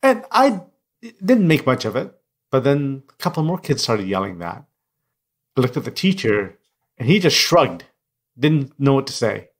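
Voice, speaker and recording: Man, middle-aged, non-native English speaker, interview guest, candid storytelling, reflective, average pitch. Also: sing-song, moderate pace. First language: non-English first language.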